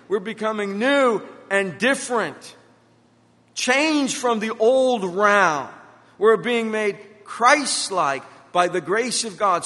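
A middle-aged pastor delivers a sermon in a high-sitting, bright, forceful voice. He hammers his points home with emphatic repetition and personal stories, and the hall gives a long reverb.

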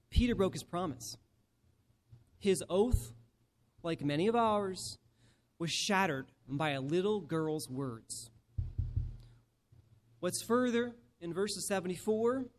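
A male preacher giving a sermon and reading scripture aloud, emphatic and slowing down to stress key phrases. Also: sits high, lively intonation, darkish tone.

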